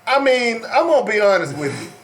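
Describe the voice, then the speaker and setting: A man's voice: extremely high pitch, sing-song, a little fast, a bit bright, a little hiss or hum. A man hosting a talk radio show, joking around and laughing often between stories. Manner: joking, laughs often, playful put-on drawl. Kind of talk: casual talk radio banter.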